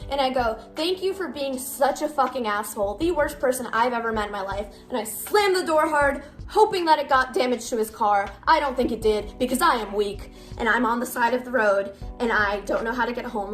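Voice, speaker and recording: A young woman in her twenties telling a storytime to camera, animated and blunt, swearing freely. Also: a little high. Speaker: TikTok storyteller. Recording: music bed underneath.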